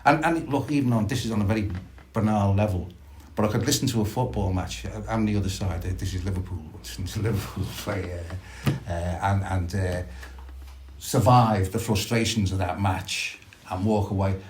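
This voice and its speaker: A middle-aged man, sharing reflectively and haltingly at a recovery meeting, with many restarts. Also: fairly low pitch, darkish tone. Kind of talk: personal sharing at a support meeting.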